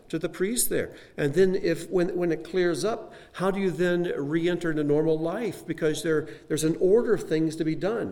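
A man's voice: on the high side, darkish tone. A man teaching a Bible lesson in a conversational, folksy sermon style with frequent asides to his listeners.

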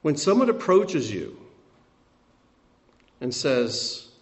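An older man preaching a sermon as pastor, swinging between emphatic peaks and quiet, soft asides. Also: fairly high pitch, big pitch swings, takes it slowly.

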